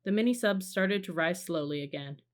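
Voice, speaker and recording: Calm woman reading a children's story. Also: fairly low pitch, moderate pace. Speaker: audiobook reader. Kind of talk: storybook narration.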